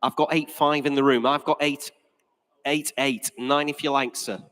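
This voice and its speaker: Brisk auctioneer man in an echoey hall. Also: mid-range voice, steady tone, fairly bright tone. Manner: brisk, jokey patter between bids. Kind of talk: live auction calling.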